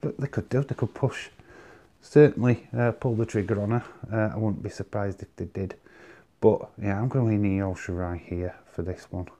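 A man's voice: fairly low pitch, fairly even intonation, moderate pace, dark tone. A man hosting his own vlog, chatting casually and confidently giving his predictions. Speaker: wrestling vlog host. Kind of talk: casual solo commentary.

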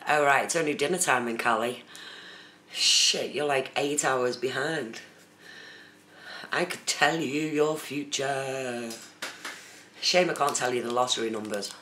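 Unhurried and pausing often, this host has a bright, forceful mid-range voice. They're chatting casually on a phone live stream and addressing chat viewers by name. The phone camera mic records it in a roomy space with faint background noise.

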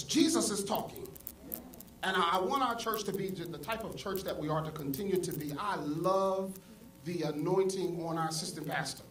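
A male pastor preaching a sermon, swinging from soft asides to loud exclamations. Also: on the high side, far from the mic. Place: church sanctuary. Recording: echoey church hall, mic from afar, congregation audible. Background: congregation.

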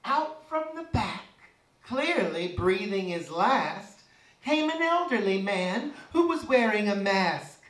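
A man's voice: high-pitched, big pitch swings, takes it slowly, a bit bright. A man in drag persona reciting a mocking comic poem in rhyming verse, recorded from a distance in an echoey room. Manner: campy, mocking storyteller delivery. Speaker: drag performer.

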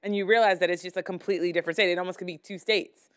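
A woman from Miami speaking as a journalist on a panel, telling stories with lively quoted asides. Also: fairly low pitch, very fast. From Miami, Florida. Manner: animated storytelling, quotes people in lively asides. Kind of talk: panel discussion. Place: university pavilion stage.

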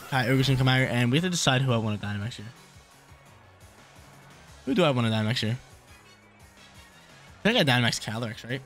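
A man's voice: mid-range voice, fairly bright tone. A young man thinking aloud as he commentates his own game, casual and full of slang, often repeating his lines. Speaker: gaming YouTuber. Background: game music.

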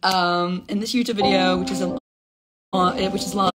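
A young adult woman hosts a casual live stream alone at home, chatting into her phone in a hyper, rambling, giddy way. Her voice is medium in pitch, steady in tone, and at normal speed.

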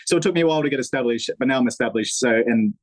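An Australian man talks loosely and keeps restarting his sentences, laughing often as he goes. His voice sits at an everyday middle pitch. The sound is dry and close, with no room around it. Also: very fast, no room sound, low-quality recording. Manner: rambling, many restarts and fillers, laughs often. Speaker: podcast guest, motorcycle YouTuber. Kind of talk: casual chat.

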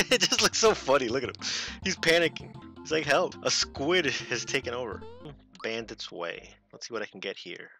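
A man giving lively let's play commentary, laughing and talking back to game characters. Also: mid-range voice, normal speed, vocal fry, faint music behind. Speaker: gaming video host.

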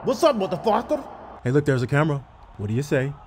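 A man doing loud, rowdy comedic voiceovers over basketball clips, full of trash talk. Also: fairly high pitch, sing-song, quick pace, a little hiss or hum.

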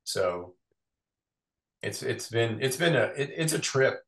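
Animated man talking in a roomy space. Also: mid-range voice. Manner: animated, quick, self-mocking storyteller. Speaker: voice actor guest. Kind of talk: casual interview chat. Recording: roomy echo.

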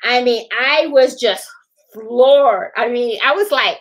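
A woman's voice: high-pitched, animated, normal speed, a bit bright, low-quality recording. A woman hosting a casual live stream, chatty and repetitive, often laughing and greeting viewers by name. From Puerto Rican. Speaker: livestream host.

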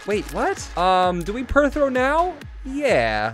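A young man commenting on his own game run, excitable, swinging from quick mumbles to loud whoops and swearing freely. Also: extremely high pitch. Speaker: gaming YouTuber. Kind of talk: Let's Play commentary. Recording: game music playing behind.

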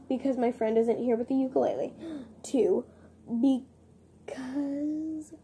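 A woman's voice: a little high, gravelly, dark tone, a little hiss or hum. A young woman vlogging casually, chatty and giggly, rambling and poking fun at herself. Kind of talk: casual vlog chat.

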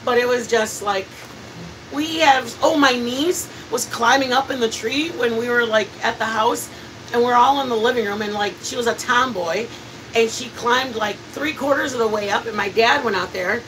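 Here a woman chats and laughs through family stories while cooking on a live stream, an animated storyteller hosting her own cooking channel. Her pitch is fairly high and she talks at normal speed. She's far from the mic, with a noisy background.

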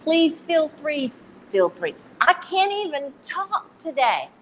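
A woman's voice: high voice, big pitch swings, slow, a bit bright, a little hiss or hum, poor audio. A woman with a Texan accent hosting a casual live stream, chatty and self-deprecating, laughing at her own slips. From Texas.

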